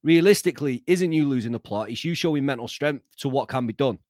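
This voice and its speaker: An eager man hosts a casual podcast interview and keeps encouraging his guest. His voice sits at an average male pitch. The recording is dry, with no room echo. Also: animated, quick pace, darkish tone. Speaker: podcast host.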